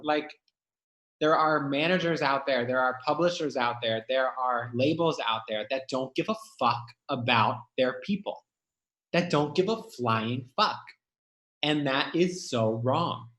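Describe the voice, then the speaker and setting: A man's voice: mid-range voice, unhurried, fairly bright tone. Male guest musician, candid and emphatic, swears freely; echoey room sound. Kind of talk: candid conversation.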